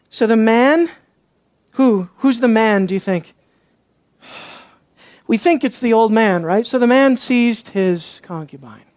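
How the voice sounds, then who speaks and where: A preacher delivering an expository sermon, emphatic and worked up, firing off rhetorical questions and dropping into hushed asides. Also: mid-range voice, no room sound.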